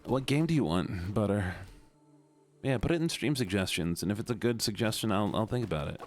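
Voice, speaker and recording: A man's voice: lowish voice, animated, brisk, faint music behind. A man streaming a video game, chatting casually with his viewers in a rambling, talkative way. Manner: chatty, talks to chat, rambling asides.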